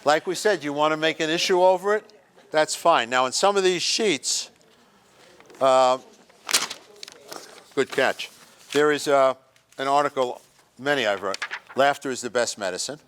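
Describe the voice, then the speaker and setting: A man's voice: fairly high pitch, a little slow, pauses often, a bit bright, slight background noise. Guy running a funny feel-good workshop at a senior center, playful, acts out bits. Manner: joking, acts out little scenes and quotes. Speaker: workshop presenter. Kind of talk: humorous motivational talk to a group. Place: senior center activity room.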